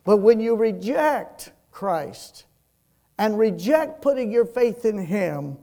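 A man preaching a sermon as pastor, slow and emphatic, rising to loud peaks and dropping to soft, quiet passages. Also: high voice, animated, creaky. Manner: slow, emphatic preaching that swells and drops in loudness.

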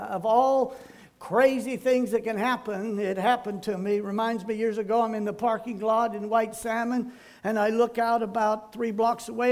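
A man's voice: extremely high pitch, darkish tone. An older man, a pastor, giving a folksy sermon full of homespun, rambling anecdotes.

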